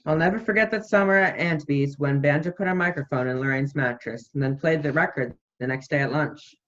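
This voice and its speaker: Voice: mid-range voice, fairly quick, a bit bright, natural voice. A student actor playing an irritable, bossy invalid host in a school play over a video call, imperious and snappish. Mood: gossipy. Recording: dull lo-fi video call audio.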